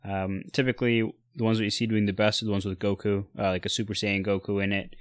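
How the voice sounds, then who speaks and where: A man co-hosting a casual chat about sneakers and streetwear, relaxed, with lots of fillers and restarts. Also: lowish voice, quick pace, dry recording, studio quality. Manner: relaxed, many fillers and restarts, giving buying advice.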